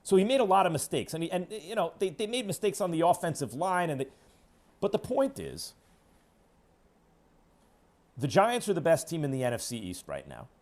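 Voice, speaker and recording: A man hosting a sports radio show, delivering an opinionated monologue in an emphatic, hectoring way that swings between loud declarations and low asides. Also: very animated, moderate pace, long pauses. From New York.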